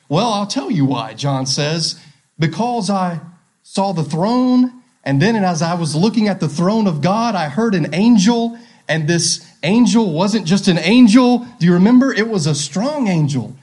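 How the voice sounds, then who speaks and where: Man, pastor, sermon, rhetorical questions, repetition, slightly high pitch. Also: lively intonation, a little slow, a little mellow.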